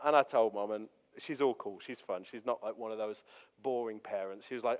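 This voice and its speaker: A man's voice: mid-range voice, fairly even intonation, a little fast, clean tone, big-room sound. A man, a pastor telling chatty, self-deprecating stories in a sermon. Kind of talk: storytelling sermon.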